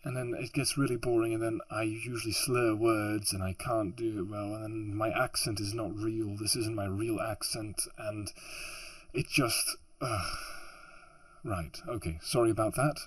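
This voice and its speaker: A man's voice: fairly low pitch, steady tone, unhurried, no echo. A man who narrates audiobooks as a hobby, ranting in exasperation with a sore throat, rambling with restarts and sighs, recorded at home on a laptop mic. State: sore throat, hot and sweaty. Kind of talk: frustrated off-script rant. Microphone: laptop mic behind a makeshift pop filter.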